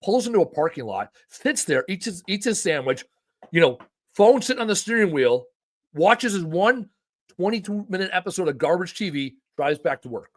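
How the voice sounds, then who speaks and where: A podcast host with a high-pitched voice chats casually at a moderate pace. He's animated and emphatic, with a folksy manner, and swears freely.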